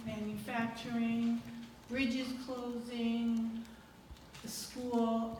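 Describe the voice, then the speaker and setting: A woman gives an earnest, halting public comment at a town meeting. Her voice sits a little high and carries from a distance. The recording is very echoey and noisy, like a large meeting hall. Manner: earnest, hesitant, with fillers and restarts. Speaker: resident speaking at public meeting.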